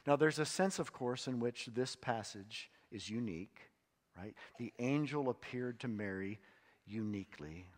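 A male pastor delivers a slow, measured sermon in a church sanctuary. He reads scripture and teaches, swinging from loud emphatic bursts to hushed, quiet drops. His voice rings with a long hall reverb. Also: on the low side.

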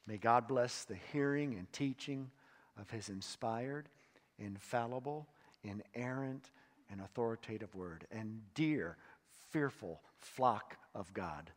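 A male pastor delivers a slow, measured sermon in a church sanctuary. He reads scripture and teaches, swinging from loud emphatic bursts to hushed, quiet drops. His voice rings with a long hall reverb. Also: fairly low pitch, animated.

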